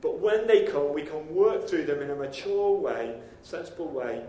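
A man's voice: on the high side, lively intonation, normal speed, warm tone, slight background noise. A man preaching a sermon as pastor, talking conversationally and throwing questions out to his congregation. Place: church hall. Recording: echoey church hall.

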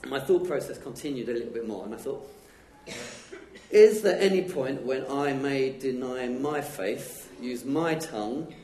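A man's voice: medium pitch, animated, mellow. A man giving an informal, conversational sermon at a church, chatting with the congregation. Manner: conversational, chatty, acts out quick dialogue. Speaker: lay preacher. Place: church hall. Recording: echoey church room with faint noise.

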